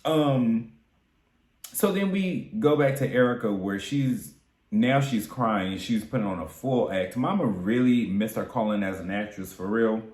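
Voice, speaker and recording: A man's voice: mid-range voice, a little slow, darkish tone. A man giving a casual, sassy recap of a reality TV episode, campy and profane, with big swoops in his voice. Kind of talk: casual commentary. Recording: echoey room.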